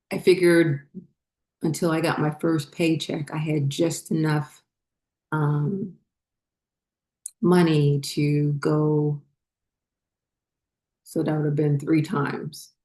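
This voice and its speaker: A woman telling a personal story in a rambling, halting way, full of fillers and restarts, as a spiritual vlogger. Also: deep voice, level tone, mellow.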